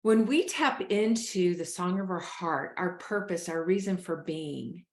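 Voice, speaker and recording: A woman's voice: fairly low pitch, unhurried, darkish tone. A woman, hosting a motivational talk and coaching listeners on stress in an earnest, encouraging way. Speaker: show host and wellness coach. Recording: roomy echo.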